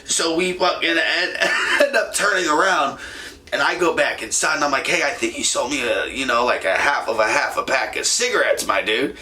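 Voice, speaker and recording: Young male podcaster, rambling storyteller, bright and punchy, lots of cursing and laughter. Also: fairly high pitch, animated, normal speed, slight background noise. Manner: rambling, profane, laughs often. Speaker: podcast host. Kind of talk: casual storytelling.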